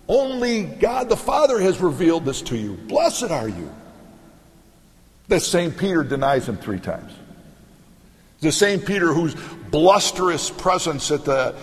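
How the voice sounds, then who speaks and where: A middle-aged man preaching a sermon, telling stories in an animated way and acting out the voices in them. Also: fairly high pitch, long reverb tail. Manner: animated storytelling, acts out scripture voices. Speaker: pastor.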